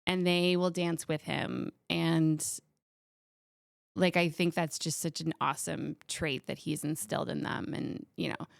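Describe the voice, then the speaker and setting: A middle-aged woman chatting as a podcast guest, telling a joke in an animated way and acting out the quotes. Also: low-pitched, a little slow, creaky, no room sound, clean studio sound. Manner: animated storyteller, acts out quotes. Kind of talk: casual chat, telling a joke.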